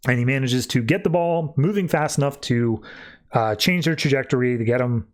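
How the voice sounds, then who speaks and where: This man hosts a podcast, speaking in a mid-range voice at a moderate pace. He walks through a comic book issue in a relaxed, chatty way, peppering the plot retelling with "like."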